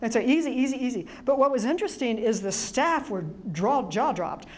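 Middle-aged woman presenter, animated storyteller, talks to a live audience. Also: on the high side, moderate pace. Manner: chatty, animated storyteller with many restarts and laughs.

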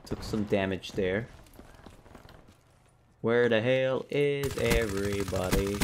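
A man's voice: fairly low pitch, takes it slowly, long pauses, noisy background. A young man giving live commentary over a shooter game, frustrated and swearing at opponents. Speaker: gaming YouTuber.

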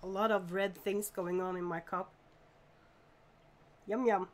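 Slow-talking woman streamer. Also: mid-range voice, steady tone. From Norway. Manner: chatty, greets viewers by name, laughs often. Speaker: live-stream host. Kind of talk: casual live-stream chat.

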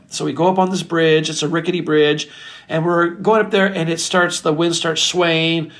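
A middle-aged record producer telling stories in an interview, animated and casual, swearing freely. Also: male voice, a little high, fairly quick. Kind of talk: storytelling interview chat.

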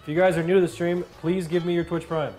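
Teasing young man, high voice. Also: flat delivery, quick pace, over music. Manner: teasing, joking. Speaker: streamer. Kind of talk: casual livestream chat.

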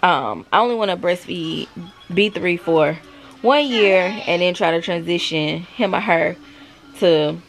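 Gravelly-voiced mom chatting to camera. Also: female voice, on the low side, unhurried, faint music behind. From South Carolina, US. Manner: chatty, confiding, talks straight to viewers. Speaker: vlogger, mother. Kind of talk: casual chat to camera. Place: at home.

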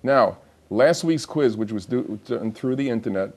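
A man's voice: on the low side, animated, normal speed, a little mellow. Chatty New man hosting a health show. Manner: chatty, laughs through his own joke. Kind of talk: casual TV talk.

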